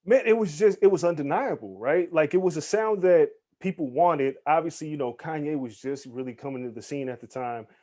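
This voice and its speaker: A man guesting on a podcast interview, telling stories in an animated, casual way, acting out the people he quotes and swearing freely. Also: fairly high pitch, fairly quick, few pauses. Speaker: guest, hip hop journalist.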